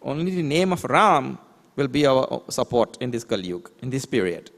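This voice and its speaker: A man's voice: medium pitch, sing-song, vocal fry, fairly bright tone. A man, a swami, giving a spiritual lecture, explaining scripture terms and asking rhetorical questions. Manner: recites verses in a slow chant. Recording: long hall reverb.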